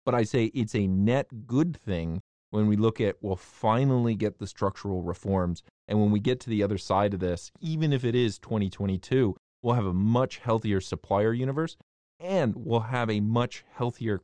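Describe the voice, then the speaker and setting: A man from the United States debating on a casual talk show, animated and emphatic, often restarting his words. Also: fairly low pitch, moderate pace, no room sound.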